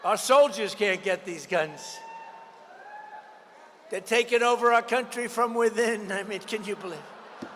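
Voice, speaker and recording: A man's voice: high voice, a little slow, long pauses, fairly bright tone. A man in his seventies giving a combative, repetitive campaign rally speech in a large indoor expo hall, riffing off the crowd. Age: 70s. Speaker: political candidate. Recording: long reverb in a big hall, faint noise.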